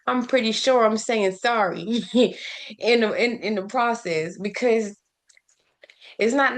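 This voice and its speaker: A woman's voice: on the high side, creaky. A woman talking casually about faith, asking listeners rhetorical questions, laughing often and often restarting her sentences. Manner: repeats words and restarts often. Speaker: faith and self-care vlogger. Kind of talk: casual spoken devotional.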